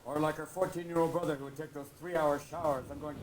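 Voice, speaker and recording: High-voiced middle-aged man doing stand-up. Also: fast, hardly any pauses. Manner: animated, jumps between mumbled asides and shouted bits. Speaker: stand-up comedian. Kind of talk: stand-up comedy routine. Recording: roomy live recording with background noise.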